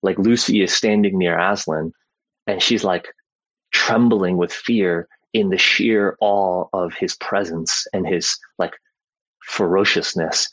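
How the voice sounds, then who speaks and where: A man with a low, husky voice teaches from the Bible in a loose, conversational way. He keeps tagging his points with "right?" and fills his talk with "like" and "you know." The sound is close and dry. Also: steady tone, takes it slowly, fairly bright tone, no echo, low-quality recording. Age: adult parent.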